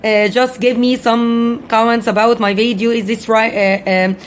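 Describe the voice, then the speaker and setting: A woman whose first language is Arabic, teaching English vocabulary in a casual online lesson. She explains slowly, repeats words often and uses many fillers. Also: a little high, flat delivery, a little hiss or hum.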